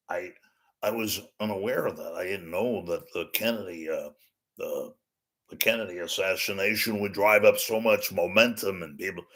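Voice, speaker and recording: A man doing a hesitant late-night TV host. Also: low voice. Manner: soft, halting, stammering.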